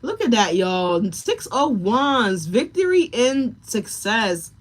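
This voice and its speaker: A woman's voice: fairly high pitch, big pitch swings, slow pace. A woman giving a live tarot reading, talking straight to her viewers and chat, emotional and tearful at times. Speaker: tarot reader.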